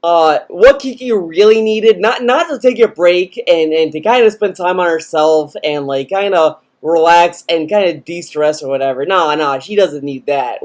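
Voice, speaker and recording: A man's voice: fairly high pitch, lively intonation, measured pace, few pauses. A man ranting sarcastically in a video commentary, full of fillers and mocking asides. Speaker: commentary youtuber.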